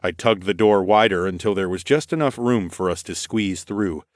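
Male narrator, low register, steady first-person storytelling, close dry mic. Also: moderate pace, no room sound. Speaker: audiobook narrator.

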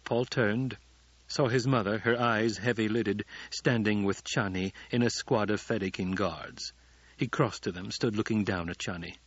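A man doing measured, dramatic audiobook narration. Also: fairly low pitch, fairly even intonation, husky, no echo. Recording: dull, dry studio audiobook.

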